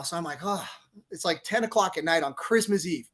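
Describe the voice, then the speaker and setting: A middle-aged man, a police officer turned author, telling a story on a podcast in a lively, laughing way and acting out the quotes. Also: high voice, brisk. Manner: animated storyteller, laughs often, acts out quotes. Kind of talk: casual storytelling interview.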